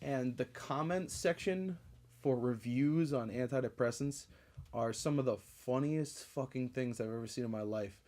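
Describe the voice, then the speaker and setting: A man hosts a podcast and spins long personal stories in a casual, meandering way. He swears freely and leans on plenty of ums and uhs. His voice sits at an ordinary middle pitch. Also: a little slow, darkish tone. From Connecticut. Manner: profane, rambling, with frequent fillers and laughs. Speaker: podcast host. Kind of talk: casual storytelling monologue.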